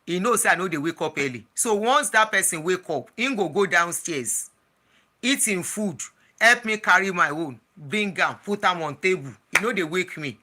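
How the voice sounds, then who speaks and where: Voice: mid-range voice, lively intonation, moderate pace, bright, forceful tone. An adult with a Nigerian accent telling a personal story in a casual vlog, chatty and slipping into Pidgin, with frequent restarts. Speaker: travel and lifestyle vlogger.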